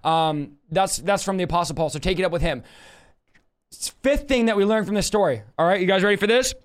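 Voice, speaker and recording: A man teaching a Bible study in an animated, emphatic way. He repeats phrases for stress and jokes with his viewers. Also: high-pitched, brisk.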